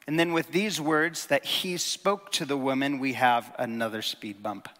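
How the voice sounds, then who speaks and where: A man preaching a sermon in a conversational, animated way, with jokes and sudden emphatic stresses. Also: mid-range voice, unhurried, in a large hall.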